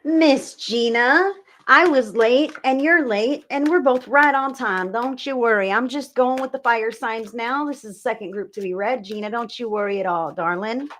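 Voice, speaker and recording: A woman's voice: on the high side, normal speed, hardly any pauses, a bit bright. A woman hosting a live tarot reading stream, chatting casually with her viewers, sometimes swearing and sometimes turning away from her microphone. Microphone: desk mic, turns away from it at times.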